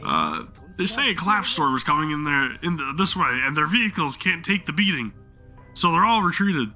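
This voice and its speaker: Jumpy henchman type, higher voice, guy doing it while reading. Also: big pitch swings, moderate pace, pushed and bright, faint music behind, heavily acted. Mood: worried. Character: nervous male henchman reporting to his boss. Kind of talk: reading game dialogue aloud in voices.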